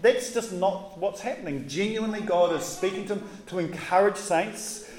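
A man preaching a casual, conversational sermon in relaxed, slangy talk with animated asides. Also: high-pitched, normal speed. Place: church. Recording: roomy echoey hall.

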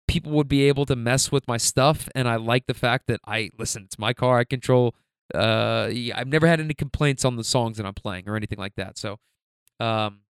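Young man with smooth, clear voice. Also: mid-range voice, no room sound, clean studio sound. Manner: animated, laughing, slangy, frequent restarts. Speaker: rideshare driver telling stories. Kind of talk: casual storytelling monologue.

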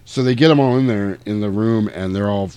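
A man casually retelling a movie plot, animated and swearing, now and then jumping into loud character voices. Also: on the low side, brisk, clean tone. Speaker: podcast host retelling a movie. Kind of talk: casual chat.

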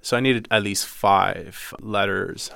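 A young man from the Dominican Republic slowly recounting a painful personal story in an interview, with halting pauses. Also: fairly low pitch, steady tone, gravelly, bright, forceful tone, dry recording, clean studio sound. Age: young adult. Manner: slow, halting, emotional retelling.

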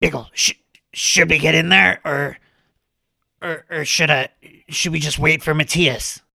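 A man's voice: on the high side, steady tone, unhurried, gravelly, bright, forceful tone, no room sound, studio quality. A man playing a tabletop role-playing game, speaking in a hesitant, stumbling way. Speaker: player. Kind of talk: tabletop role-play chat.

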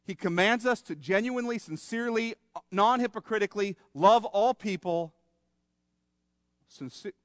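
Guy preaching a sermon, asks the room questions, close dry mic but big church echo behind. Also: high voice. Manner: emphatic preaching, rhetorical questions, acts out little scenes. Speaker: pastor. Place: church sanctuary.

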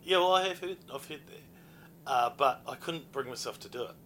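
A young man hosting a casual podcast chat, animated, laughing often and swearing freely. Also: mid-range voice, moderate pace, a little hiss or hum.

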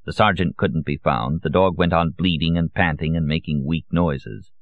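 A man reading a novel aloud as an audiobook narrator, in a measured, even way. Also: very deep voice, no echo. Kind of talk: scripted narration. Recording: dull, lo-fi audio.

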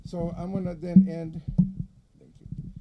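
A middle-aged man with an East Los Angeles Chicano accent, a poet at a live reading who speaks softly between poems and declaims his verse in strong rhythm. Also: sits high, little pitch movement, loud music behind the voice. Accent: East Los Angeles Chicano English. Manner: soft and halting when chatting, rising to forceful rhythmic declaiming in the poem.

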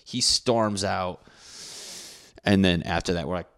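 This young man's voice is low-pitched, smooth, and fairly bright, delivered at a measured pace with a Connecticut accent. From Connecticut, he casually tells a funny, profane, rambling story from his school days, correcting himself as he goes.

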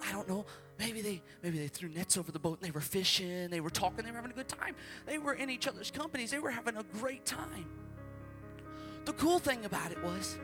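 A man preaching at a children's service, telling the story dramatically and shouting out acted quotes. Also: sits high. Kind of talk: interactive children's sermon.

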